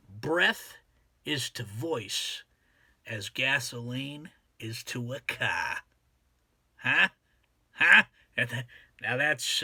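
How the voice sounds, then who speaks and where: A man's voice: medium pitch, sharp tone, no room sound, heavily acted. A man voicing a brash, rambling Boston guy with a thick Boston accent and lots of filler words, recapping a lesson as a comic character. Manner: rambling, filler-heavy, chummy.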